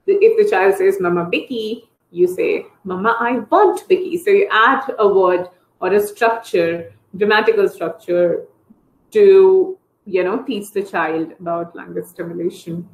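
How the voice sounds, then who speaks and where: A woman therapist explains speech techniques to parents in an easy, mid-pitched voice. She often jumps into high, sing-song demonstrations of how to talk to small children. The sound is roomy and echoey, as from a video call. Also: fairly even intonation, measured pace. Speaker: early intervention therapist. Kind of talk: online parent training talk.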